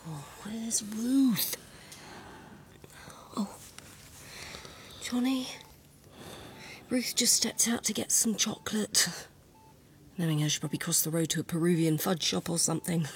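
A brisk, impatient relative in a screen drama. She speaks curtly in a fairly low voice over a faint hiss. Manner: brisk, curt.

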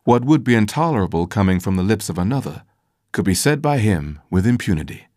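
A man reads a first-person audiobook in a measured, formal manner. His voice sits low, and his intonation moves a great deal from phrase to phrase. The recording is dry and close, with no room echo. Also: expressive, a little mellow. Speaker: audiobook narrator.

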